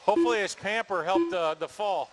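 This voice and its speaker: High-voiced man calling RC races. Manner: casual, joking, quick play-by-play. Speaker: race announcer. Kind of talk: live RC race commentary.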